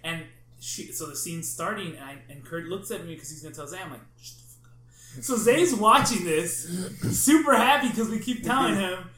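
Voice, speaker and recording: Dude on a podcast telling scary movie stories, kinda high voice, echoey room with a faint hum. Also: male voice, normal speed. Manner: animated, swears, acts out friends' reactions. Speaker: podcast host. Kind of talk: casual chat, storytelling.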